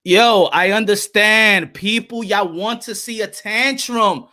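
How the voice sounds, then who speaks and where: A man's voice: sits high, slow pace, hardly any pauses, sharp tone. A man hosting a boxing livestream, ranting heatedly and profanely as he talks to his chat. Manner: heated, profane, repeats himself. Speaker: boxing commentator. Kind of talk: livestream rant reading chat.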